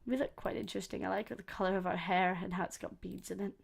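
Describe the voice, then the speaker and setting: A woman's voice: medium pitch, fairly even intonation, fast talker, vocal fry, husky. A woman hosting a let's play, reading a visual novel aloud and breaking off for casual, sweary asides. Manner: casual, sweary asides between read lines.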